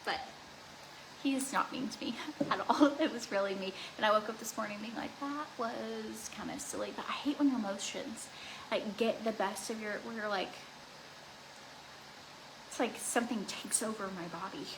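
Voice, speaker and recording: A woman's voice: mid-range voice, moderate pace, pauses often, background noise. A young woman chatting casually while doing her makeup at home, rambling with lots of "like" and restarts. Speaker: beauty vlogger.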